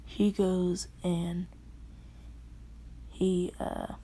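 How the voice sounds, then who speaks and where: A woman casually telling a fan story, rambling and halting, often dropping to a half-whisper. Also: fairly low pitch, flat delivery, dark tone, husky.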